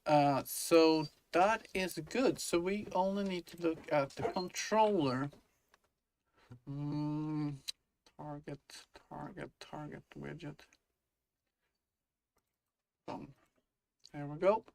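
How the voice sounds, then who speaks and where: A man's voice: on the high side, takes it slowly, gravelly, pauses often, darkish tone, slight background noise. Rambling man thinking aloud. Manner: rambling, many fillers and restarts; thinks aloud while working. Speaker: indie game developer. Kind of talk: casual dev-log chat.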